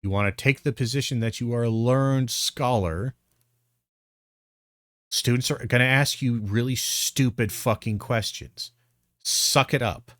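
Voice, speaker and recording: A man's voice: mid-range voice, unhurried, fairly bright tone, dry recording, studio quality. Blunt, profane man ranting. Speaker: commentary streamer. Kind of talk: reaction commentary.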